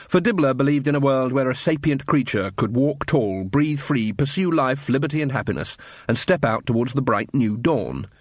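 A man's voice: mid-range voice, husky, no echo, clean studio sound. A man reading a storybook aloud as narrator. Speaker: audiobook reader. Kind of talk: scripted narration.

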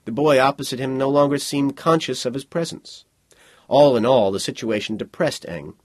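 A man narrating a novel as an audiobook, with an expressive delivery. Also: mid-range voice, moderate pace, no echo, clean studio sound. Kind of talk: scripted narration.

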